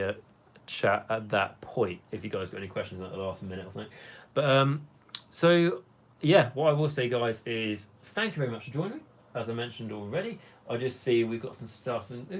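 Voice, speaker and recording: A man's voice: mid-range voice, slight background noise. A young man hosting a hobby live stream, chatting casually and rambling with many fillers while he reads the chat.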